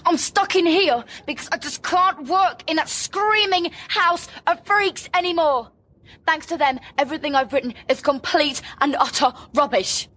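A woman's voice: sits high, normal speed, bright, forceful tone. A sulky teenage girl. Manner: curt, exasperated.

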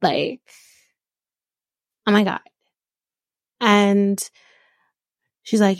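A woman's voice: medium pitch, little pitch movement, drawn-out words, long pauses, dry recording. Woman, podcast host, blunt, swearing, dry close sound. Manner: frustrated, blunt, swears often. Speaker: podcast host recapping a reality show. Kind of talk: casual recap podcast.

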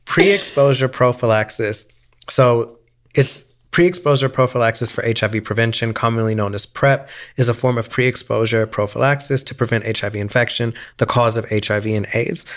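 Opinionated man in casual podcast chat. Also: medium pitch. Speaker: podcast co-host.

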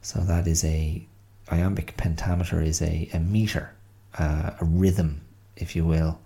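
A podcast host in his fifties muses aloud in a casual solo monologue. His voice is deep and gravelly, with a dark, mellow tone. He pauses often and fills the gaps with fillers as he thinks. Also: steady tone. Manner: reflective, halting, many pauses and fillers.

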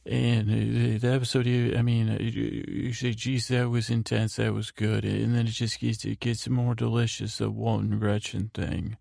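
A man's voice: lowish voice, level tone, normal speed, creaky, few pauses, a little mellow, dry recording, clean studio sound. A man hosting a bedtime podcast, giving a rambling recap full of restarts and fillers. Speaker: podcast host.

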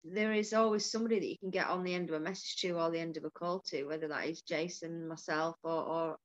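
A woman's voice: lowish voice, quick pace. Candid woman, dull lo-fi sound. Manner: candid, animated storytelling with swearing and laughter. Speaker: podcast host and coach. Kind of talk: casual conversation.

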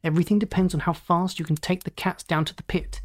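A man's voice: sits high, fairly even intonation, quick pace. A reader voicing a driven male space captain who barks urgent orders in a storybook reading. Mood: commanding.

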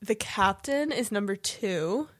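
A woman's voice: medium pitch, expressive, slow. A woman co-hosting a podcast with a cold, chatting casually in a playful, joking, slangy way. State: has a cold. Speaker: podcast co-host. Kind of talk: casual chat.

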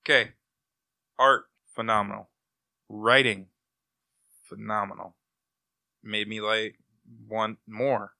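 A man animatedly recapping a comic on a casual podcast, jumping into characters' lines as he goes. His voice is very bright and forceful. The recording is dry, with no room sound. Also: lowish voice, slow, vocal fry, long pauses, no room sound. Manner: animated retelling, acts out quotes, laughs often. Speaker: comic book podcast panelist. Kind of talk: casual review chat.

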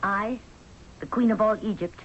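A woman's voice: medium pitch, moderate pace, slight background noise, lightly acted. An actress playing a proud, idealistic Egyptian queen in a 1970s radio drama, speaking in a haughty way. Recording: dull lo-fi radio recording.

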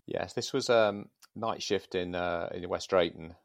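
A middle-aged man recounts police stories in a measured, dry way. His voice is very low, with occasional hesitations. The sound is close and dead dry. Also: fairly even intonation, gravelly, no echo. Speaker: guest, former police sergeant. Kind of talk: anecdotal storytelling.

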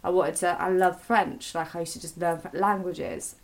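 A woman's voice: on the low side, fairly even intonation, moderate pace, crowd noise. A young woman in casual conversation, talking openly about her past in a rambling, sweary way with many restarts. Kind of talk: casual confessional chat.

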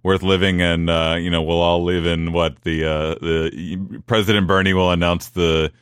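A man interviewing a guest, speaking in a measured way and summing up the guest's points. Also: sits low, flat delivery, fairly bright tone, smooth, no room sound, studio quality. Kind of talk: political interview.

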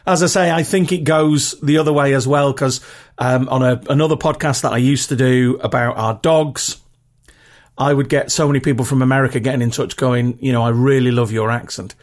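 A man's voice: mid-range voice, fairly even intonation, fairly quick. A man with a regional British accent hosting a podcast in a chatty, rambling, self-deprecating way. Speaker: podcast host. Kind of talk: casual solo podcast talk.

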